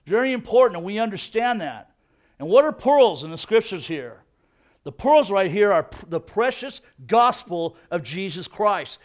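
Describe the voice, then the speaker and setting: A middle-aged man giving a casual, energetic sermon, peppering his talk with "man" and asking "you know what?". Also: high-pitched. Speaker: preacher.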